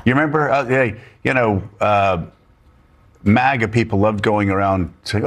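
A man's voice: fairly low pitch, unhurried. A man hosting a political talk show, talking emphatically with sarcastic asides. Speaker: host.

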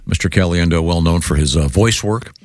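A man's voice: deep voice, a little fast, a little mellow. A man hosting a comedy talk show, hesitant and full of fillers, with dry asides. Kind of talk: casual on-air banter.

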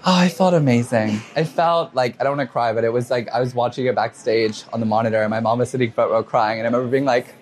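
Young man, quick speech, gushing, lots of likes and you-knows, interview guest. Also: medium pitch, slight background noise. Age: 20s. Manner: fast, emotional, many fillers and quoted asides. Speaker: fashion designer, interview guest. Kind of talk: interview answers.

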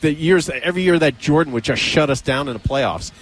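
Excitable man hosting a sports chat. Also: a little high, brisk. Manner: excitable, jokey sports fan. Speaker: radio show host. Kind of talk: casual studio banter.

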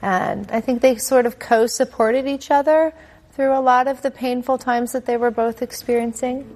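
A woman's voice: fairly high pitch, fairly even intonation, normal speed, a little mellow. A woman interviewed about a friend, reminiscing and laughing lightly.

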